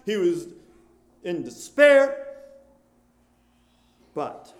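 High-voiced preacher swinging loud to hushed. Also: male voice, very animated, drawn-out words. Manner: swings between loud exclamations and quiet, hushed storytelling; rhetorical questions to the congregation. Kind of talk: sermon.

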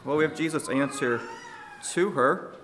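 A man preaching a sermon to his congregation, speaking emphatically and shifting his loudness for emphasis. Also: on the high side, unhurried, big-room sound, slight background noise.

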